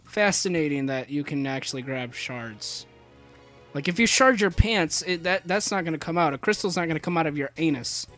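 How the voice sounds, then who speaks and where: A young man giving rambling, joking commentary as he plays a video game, with lots of restarts and fillers and sudden high excited yelps. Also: moderate pace, soft background music. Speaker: let's play commentator.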